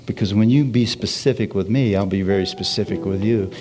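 Animated preacher man with guitar behind. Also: fairly low pitch, moderate pace. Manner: animated, repeats phrases, frequent hallelujahs. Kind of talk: sermon.

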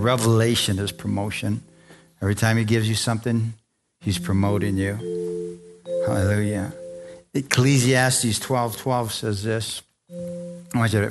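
A pastor preaching a sermon, slowing down to stress phrases and calling for amens from his congregation. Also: on the low side. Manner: emphatic, slows down to stress lines, calls for amens.

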